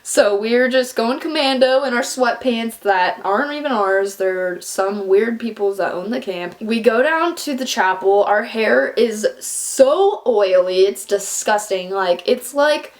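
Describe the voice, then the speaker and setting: A young woman telling a personal story in a casual, animated way, full of "like" and the odd swear word. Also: a little high, measured pace, few pauses. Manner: animated, fillers of "like", swears for emphasis.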